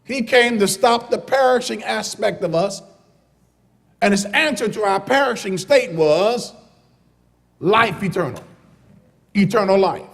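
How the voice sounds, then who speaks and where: A man preaching a sermon as pastor from the pulpit, starting calm and building to loud, shouted preaching. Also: high voice, measured pace, vocal fry, pauses often, in a large hall. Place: church sanctuary.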